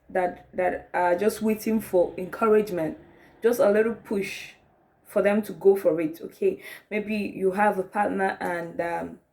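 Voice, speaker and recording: A woman with a mid-range voice offers relationship advice in a loose, conversational way. She keeps checking in with her listeners, asking "right?" and "okay?", and she acts out example lines as she explains. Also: medium pitch. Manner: acts out sample dialogue in a rising, animated voice. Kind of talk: casual advice talk.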